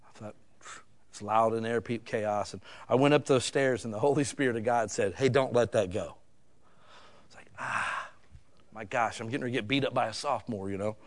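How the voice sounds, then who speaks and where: A middle-aged man, preaching a sermon in a folksy storytelling way, swinging from loud emphatic lines to hushed ones. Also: medium pitch, brisk. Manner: folksy, casual wording.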